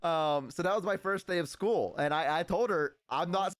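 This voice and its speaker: A man's voice: fairly high pitch, moderate pace, no room sound. A man casually telling a childhood story on a stream, rambling with lots of fillers. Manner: rambling, animated with many fillers.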